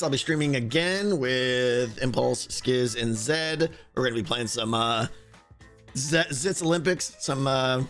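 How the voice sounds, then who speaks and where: A man streaming a game, chatting casually with viewers and thinking aloud, with a hoarse voice and many restarts. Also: mid-range voice, a bit bright. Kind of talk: casual livestream chat answering viewers.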